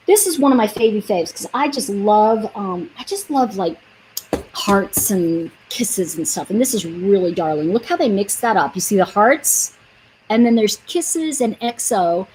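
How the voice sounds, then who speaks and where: A woman's voice: fairly high pitch, darkish tone, slight background noise, poor audio. A woman chatting casually on a livestream as she sells nail polish, rambling and reading out viewer comments.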